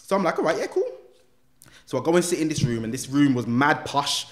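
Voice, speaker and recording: Picture a young man sitting down for a casual interview and telling his own story. His voice sits at a middle pitch, and the talk is thick with street slang. He acts out what other people said as he goes. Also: quick pace. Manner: animated storytelling with slang, acting out quotes. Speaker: guest, former gang member turned motivational speaker.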